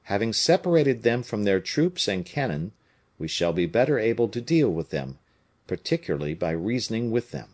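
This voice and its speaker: A shrewd musketeer captain gives orders in a brisk, commanding way. His low voice is lifted and animated for the part, and the delivery rolls with energy; a man reads him aloud.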